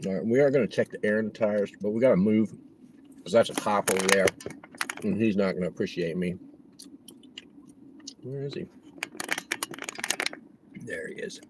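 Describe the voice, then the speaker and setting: A man's voice: fairly low pitch, fairly even intonation, fast talker. A man delivering on a bike, casually chatting to his live-stream viewers and joking with people he passes. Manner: chatty, jokey asides, talks to passersby. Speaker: delivery rider vlogger. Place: outdoors on city streets, riding a cargo bike. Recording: clear outdoor street noise from vehicles. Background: traffic and street noise.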